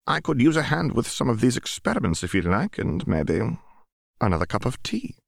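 A man's voice: mid-range voice, very animated, a little fast, creaky, slightly rough, dry recording, studio quality, voice pushed up, heavily acted. A man voicing an elderly, kindly male yordle inventor who speaks in a fond, wry, grandfatherly way.

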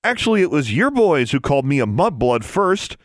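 A man's voice: high voice, moderate pace, no echo, clean studio sound, voice pushed up. A man voicing a teenage boy who makes sarcastic retorts. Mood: wry.

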